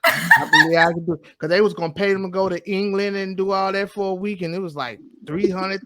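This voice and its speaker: A man's voice: high voice, steady tone, brisk, pushed and bright, dry recording. A man co-hosting a podcast, joking through laid-back casual banter.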